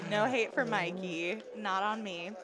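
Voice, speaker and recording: A woman's voice: medium pitch, measured pace. A woman giving playful, teasing live poker color commentary and laughing a lot, with card room crowd noise behind.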